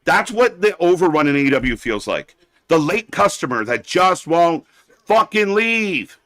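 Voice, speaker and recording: A man's voice: fairly high pitch, sing-song, unhurried, a bit bright, dry recording. A man hosting a live wrestling watch-along stream, ranting bluntly and sarcastically, swearing often and getting heated.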